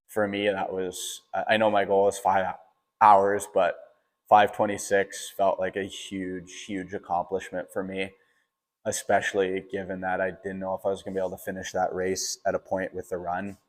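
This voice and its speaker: Low, flat-voiced young man telling a story. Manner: casual, fills with "like", frequent restarts. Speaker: podcast host. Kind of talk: personal storytelling. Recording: long reverberant echo.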